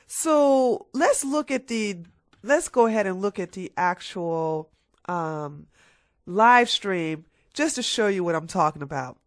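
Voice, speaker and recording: Woman vlogger, fiery political rant, mocking and repetitive for emphasis, mid-pitched voice. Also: lively intonation, slow pace, no echo, clean studio sound. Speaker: political commentator. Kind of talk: ranting commentary vlog.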